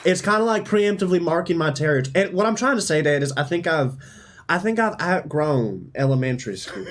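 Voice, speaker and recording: A man voicing a cheeky, scheming fifth-grade boy in a tabletop role-play, talking fast and eager. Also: fairly high pitch, expressive, pitched above the performer's own voice, lightly acted. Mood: boastful. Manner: fast, eager, pleading in-character talk.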